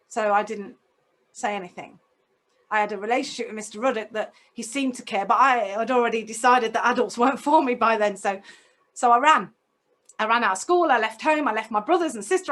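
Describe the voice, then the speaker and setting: A woman's voice: on the high side, moderate pace, a bit bright. A woman telling a personal story in a talk, intense and emotional, putting direct questions to her listeners. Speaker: speaker.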